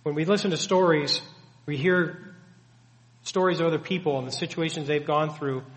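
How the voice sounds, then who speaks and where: Fairly high-pitched but steady in tone, a pastor speaks at normal speed through his sermon. He teaches with earnest emphasis, posing many rhetorical questions, and the audio carries a long hall reverb.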